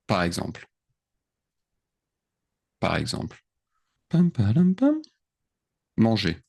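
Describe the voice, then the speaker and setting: A man's voice: fairly low pitch, creaky, breathy edge. A man teaching verb endings, patiently checking in with his students as he writes. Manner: patient, checks in often, stretches words out. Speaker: French teacher. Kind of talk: slow explanatory grammar lesson.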